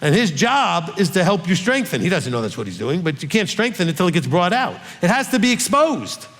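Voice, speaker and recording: Earnest high-voiced man teaching in a reverberant hall. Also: sing-song, a little fast, fairly bright tone. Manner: earnest, coaxing, checks in often with the listeners. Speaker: rabbi teaching a congregation. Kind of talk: conversational Bible teaching.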